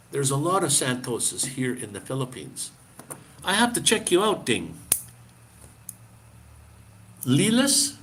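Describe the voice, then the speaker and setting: A man's voice: a little high, a bit bright, a little hiss or hum. A man chatting casually on a live stream, answering viewers, laughing often and restarting his sentences. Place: living abroad in the Philippines.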